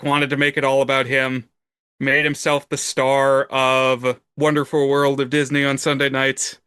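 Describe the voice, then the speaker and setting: A man co-hosting a film podcast, explaining things in a measured, orderly way during casual chat. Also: mid-range voice, bright, forceful tone, clear, resonant tone, no room sound, clean studio sound. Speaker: podcast co-host.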